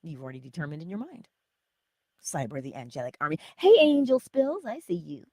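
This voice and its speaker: Woman, motivational livestream host, husky, lively pitch swings, dry close sound. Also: a little fast, no room sound. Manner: animated, laughing, talks to chat.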